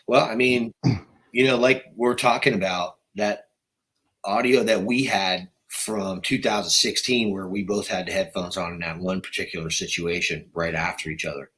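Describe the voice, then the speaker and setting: A man's voice: deep voice, fairly even intonation, normal speed, fairly bright tone, low-quality recording. A male researcher explaining things in casual chat, using fillers like "you know" and "like". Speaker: co-researcher guest.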